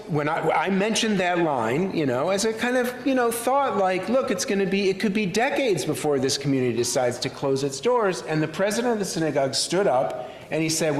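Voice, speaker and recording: A male rabbi speaking to a congregation in a synagogue sanctuary. He tells stories thoughtfully, with frequent pauses. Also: fairly high pitch. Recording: echoey hall with faint room noise.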